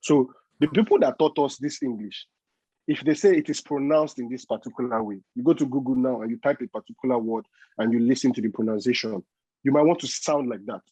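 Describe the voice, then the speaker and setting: A man, a joking and animated panelist in a studio chat. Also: mid-range voice, brisk, breathy edge, dry recording, poor audio. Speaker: guest panelist.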